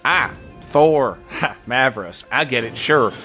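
A man playing a tabletop game in character, goofy, excitable and quick to laugh. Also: mid-range voice, faint music behind. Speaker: player.

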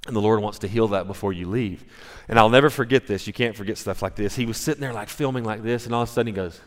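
A male pastor giving a sermon, telling stories in a conversational, animated way, with restarts and acted-out quotes. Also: on the low side, fast. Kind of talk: sermon storytelling. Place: church sanctuary. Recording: long reverb in a large hall.

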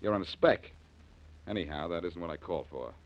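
An actor playing a cocky, wisecracking detective in a 1940s radio drama, trading quick sarcastic quips. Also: male voice, low voice, lively intonation, no room sound. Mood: wry. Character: wisecracking reformed-thief detective, cool and cocky. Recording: dull old radio broadcast.

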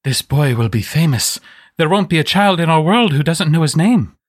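A man's voice: fairly high pitch, expressive, moderate pace. A man voicing a stern, worried middle-aged witch professor in a comedic podcast read-through. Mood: concerned.

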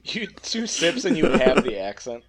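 A tipsy man co-hosting a podcast, slurring a little and pausing to search for words in casual chat. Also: on the high side, big pitch swings, over a noisy crowd. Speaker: podcast co-host.

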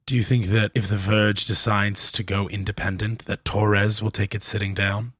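Man voicing an insistent peace envoy, deep bright voice, dry sound, tabletop game. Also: little pitch movement, normal speed, no room sound. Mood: earnest. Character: determined male envoy set on keeping peace.

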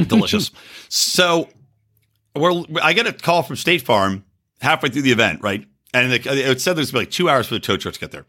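A man's voice: medium pitch, sing-song, moderate pace, pushed and bright. A middle-aged man telling a story in casual chat, swearing freely and acting out both sides of phone calls. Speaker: podcast co-host.

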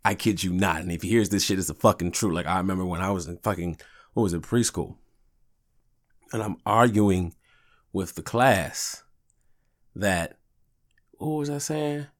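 A man's voice: deep voice, normal speed, long pauses. A man in his thirties hosting a podcast, rambling through profane, laid-back stories. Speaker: podcast host. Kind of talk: casual solo podcast monologue.

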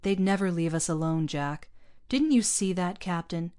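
A woman's voice: on the low side, moderate pace, smooth, natural voice. A woman reading aloud, voicing a male colony leader who speaks gloomily and firmly. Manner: gloomy, quiet, firm.

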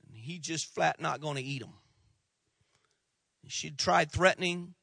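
Pastor guy preaching with jokey stories, high bright voice, dry sound. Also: a little slow, creaky, no echo. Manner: animated, humorous storytelling. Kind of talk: sermon.

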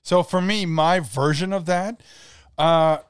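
Smooth-voiced man, halting podcast talk. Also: on the high side, no echo, studio quality. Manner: halting, lots of "uh" and "like". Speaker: podcast co-host. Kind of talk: casual podcast chat.

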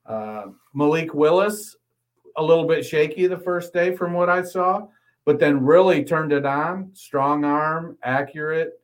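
A man's voice: on the high side, poor audio. Man co-hosting a football podcast. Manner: reads ad copy briskly, then analyzes steadily. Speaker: podcast co-host. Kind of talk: casual football podcast talk.

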